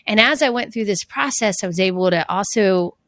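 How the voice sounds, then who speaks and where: A middle-aged woman speaks as a guest in a casual interview, earnest and reflective, often restarting her sentences as she thinks aloud. Her voice sits at a middle pitch and sounds dry and close, with no room echo. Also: brisk, fairly bright tone. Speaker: guest, fitness trainer and coach.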